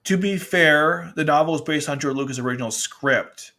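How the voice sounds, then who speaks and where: A man's voice: fairly high pitch, normal speed, sharp tone. Rambling man reviewing manga. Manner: rambling, restarts often, acts out character lines. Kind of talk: casual chat.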